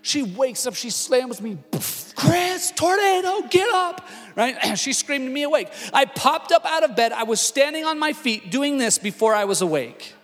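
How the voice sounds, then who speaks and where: Male pastor, high voice, animated sermon, long hall reverb, faint background music. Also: normal speed, hardly any pauses. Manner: animated storytelling, shifts from hushed to shouting. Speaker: lead pastor. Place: church auditorium.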